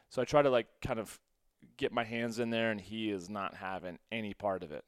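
A man telling a story from his own past in a casual way, quoting himself and laughing often, his voice swinging between hushed and loud. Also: on the low side, steady tone, fairly quick, clear, resonant tone, dry recording, studio quality. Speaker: podcast host.

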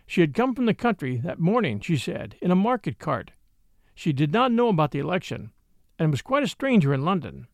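A man narrating a classic novel in a scripted, expressive audiobook reading. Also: fairly high pitch, a little fast, creaky, dry recording. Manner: lively, expressive storytelling. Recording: dry close recording.

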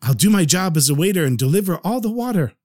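A man's voice: high voice, lively intonation, quick pace, a little mellow. A man voicing a sheepish, apologetic water carrier who got drunk, pleading in a told story.

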